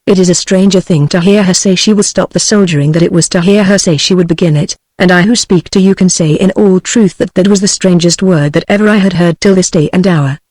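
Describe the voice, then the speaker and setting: A chatty old village uncle, read by a text-to-speech voice at a medium pitch. The reading stays flat and plain, with no change of voice for him. The sound is dry and close. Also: a little fast, few pauses, no room sound, natural voice. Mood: wondering.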